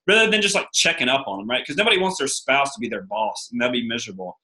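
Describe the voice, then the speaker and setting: A man's voice: on the high side, sing-song, rapid-fire, few pauses, bright, forceful tone, low-quality recording. A man talking casually with his wife, rambling along with many fillers like "you know" and "like.". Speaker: co-host, husband. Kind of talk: casual conversational advice.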